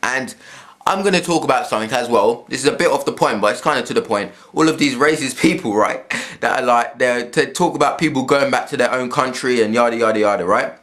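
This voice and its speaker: A man delivers a heated, profanity-laced rant to the camera from his room at home. He circles back and repeats points as he talks, in a voice of ordinary middle pitch. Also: quick pace, a bit bright. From England. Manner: heated, swearing, repeats himself. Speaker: vlogger.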